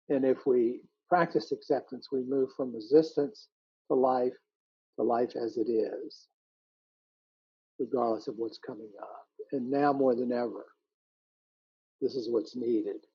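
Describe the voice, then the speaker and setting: Man, meditation teacher, gravelly husky voice, calm and measured, dull video-call sound. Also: mid-range voice, dry recording. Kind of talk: dharma talk. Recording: muffled video call audio.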